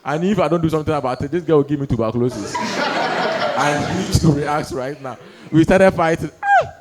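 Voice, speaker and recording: Animated man telling stage stories. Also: fairly high pitch, brisk, very noisy. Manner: animated, acts out quoted voices, laughs through lines. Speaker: stand-up comedian. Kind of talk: stand-up storytelling. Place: comedy stage before a live audience.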